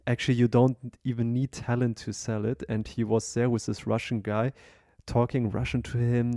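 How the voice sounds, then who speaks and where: A man with a mellow, warm voice chats on a podcast. He tells stories with plenty of fillers and quick laughs. The sound is dry and close to the mic. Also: mid-range voice, little pitch movement, no echo. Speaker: podcast co-host. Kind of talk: casual chat.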